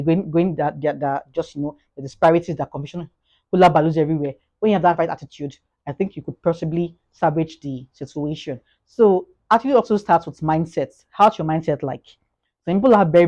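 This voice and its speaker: A woman's voice: sits low, muffled recording. A Nigerian woman with a Nigerian accent giving a casual motivational monologue on her vlog, repeating herself and acting out little scenes. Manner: repetitive, fast, grows animated with acted-out anecdotes. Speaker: vlogger.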